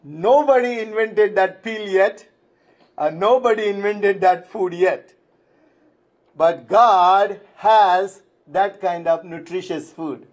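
A man leading a Bible study, explaining scripture step by step in a deliberate way. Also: sits high.

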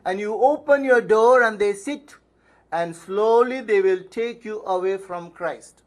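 A man's voice: high voice, a little slow. A man preaching a sermon as pastor, emphatic, asking questions and answering them himself, repeating phrases for stress. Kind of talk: sermon with Bible reading.

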